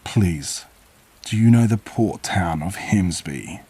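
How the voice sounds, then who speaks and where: A man's voice: low-pitched, expressive, takes it slowly, warm tone, breathy edge, exaggerated voice. A man voicing a gnarled, hunched old male creature with a thick Buckinghamshire accent, overly polite, sly and grinning. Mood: growling.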